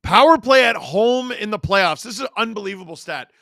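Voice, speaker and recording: A man hosting a live watch-along, calling the game play-by-play in an excited way and breaking into shouts on big plays. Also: sits high, brisk, creaky, no room sound, clean studio sound.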